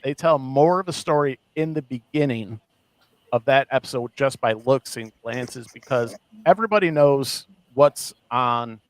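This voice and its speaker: A man co-hosting a podcast in casual chat, animated and laughing often as he mocks what he quotes. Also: mid-range voice, unhurried, dry recording, rough recording. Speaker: podcast co-host.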